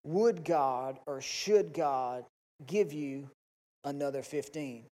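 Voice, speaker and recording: Impassioned preacher in a reverberant sanctuary. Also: male voice, a little high, slow pace, warm tone. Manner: impassioned, acts out pleading prayers. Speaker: pastor. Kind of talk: sermon. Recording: long reverb.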